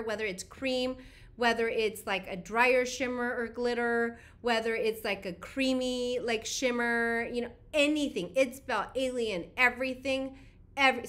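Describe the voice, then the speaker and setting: A woman with a somewhat high voice chats through a live beauty stream. She rambles casually to her viewers and leans on "like" constantly. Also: a bit bright. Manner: chatty and rambling, full of "like". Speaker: beauty livestream host. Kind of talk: casual livestream chat.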